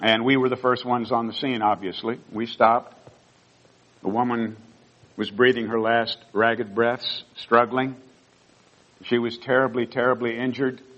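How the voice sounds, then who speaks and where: An older man delivers a sermon as a pastor, telling personal stories earnestly. His voice sits in a middle pitch, and the recording sounds a bit muffled and lo-fi. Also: level tone, unhurried, fairly bright tone. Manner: earnest storytelling, rising emotion at key moments.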